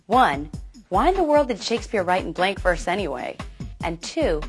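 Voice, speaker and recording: A woman giving a brisk, scripted educational narration. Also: medium pitch, sing-song, music in the background. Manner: brisk, explanatory.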